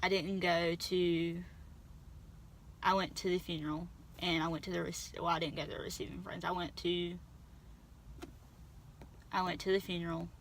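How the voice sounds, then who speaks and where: A young woman vlogger telling a painful personal story, halting and restarting, on the verge of tears. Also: fairly low pitch, level tone, slight background noise. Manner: halting, with many restarts and trailing pauses.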